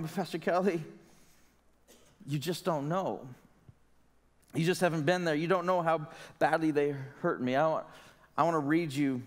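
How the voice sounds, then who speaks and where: A male pastor with a fairly high voice delivers a sermon in an earnest, conversational style, leaning on pointed rhetorical questions. His words carry through a church sanctuary with a long, ringing reverb.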